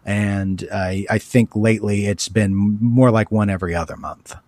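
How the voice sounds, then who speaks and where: A man's voice: lowish voice, fairly even intonation, moderate pace, darkish tone, no room sound. A man with a nasal voice, co-hosting a podcast in loose, chatty, self-mocking talk. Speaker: podcast co-host. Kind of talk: casual podcast chat.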